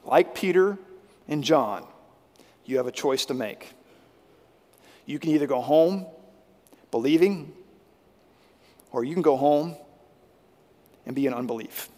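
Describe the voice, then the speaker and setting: A man with a high voice preaches a sermon, rising to loud emphasis and then dropping to a hushed, intense delivery. His voice rings through a large hall with a long reverb tail. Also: lively intonation, unhurried, long pauses. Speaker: pastor.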